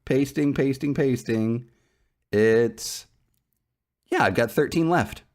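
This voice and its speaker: A man co-hosting a podcast, easygoing and animated, swearing casually. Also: mid-range voice, slow pace. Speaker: podcast co-host.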